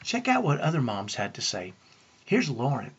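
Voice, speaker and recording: Husky-voiced man coaching parents. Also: medium pitch, huge pitch swings, moderate pace, muffled recording. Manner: earnest, uses rhetorical questions to the listener. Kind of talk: storytelling talk to parents.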